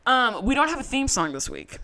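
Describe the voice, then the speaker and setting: A woman co-hosting a podcast, chatting casually in a profane, animated storytelling way. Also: on the high side, a little fast. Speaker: podcast co-host. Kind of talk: casual recap chat.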